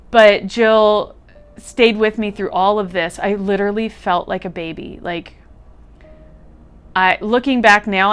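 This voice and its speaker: A woman guest telling a deeply personal story, candid and casual, swearing now and then and leaning on "like". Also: fairly bright tone, clear, resonant tone. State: close to tears at times. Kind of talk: emotional personal testimony.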